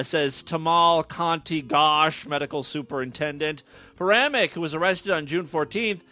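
A man hosting a podcast reads strange news stories, adding irreverent jokey asides and often stumbling over words. His voice is fairly high-pitched with a sharp tone.

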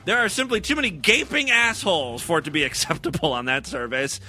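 A man's voice: a little high, big pitch swings, a little fast, bright, forceful tone, soft background music. A man hosting a comedic talk show, giving crude, sarcastic running commentary over clips. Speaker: podcast host.

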